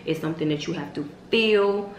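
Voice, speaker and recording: Woman, twenties, vlogger preaching uplift, emphatic and repetitive, lowish voice, echoey room. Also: moderate pace. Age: 20s. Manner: emphatic, preachy, repetitive, bursts into loud high exclamations. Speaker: vlogger host. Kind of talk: motivational faith-based vlog talk. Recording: roomy echo with faint hiss.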